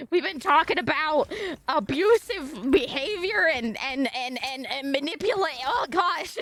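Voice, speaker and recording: A woman's voice: sits high, fairly bright tone, slight background noise. A young woman streaming live, chatting casually with her viewers in a giggly, rambling, apologetic way.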